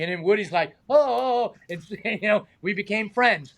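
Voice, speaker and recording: Gravelly-voiced man telling stunt stories. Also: high-pitched, fairly quick, few pauses. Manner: animated anecdotes, acts out quoted voices, laughs often. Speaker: stunt man and high diver, guest. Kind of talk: casual storytelling interview.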